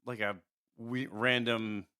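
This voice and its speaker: A man's voice: medium pitch, little pitch movement, slow pace, pushed and bright, clean tone. A man co-hosting a podcast in casual chat, hesitant and repeating his words. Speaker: podcast co-host.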